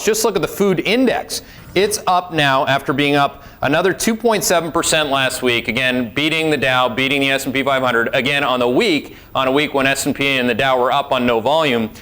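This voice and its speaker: Brisk, sardonic man giving market commentary. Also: mid-range voice, sharp tone. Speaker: financial market strategist.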